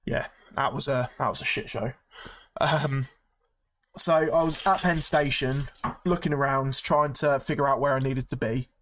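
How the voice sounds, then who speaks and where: A man's voice: medium pitch, moderate pace, slight background noise. A young man co-hosting a casual podcast, reacting drily and telling a story at an easy, hesitant pace. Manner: relaxed, hesitant with fillers, dry reactions. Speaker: podcast co-host.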